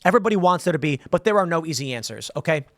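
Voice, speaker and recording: A man's voice: on the high side, expressive, racing, a bit bright, no room sound, studio quality. A man giving opinionated political commentary as a host, talking emphatically and rambling, sometimes acting out other people's voices.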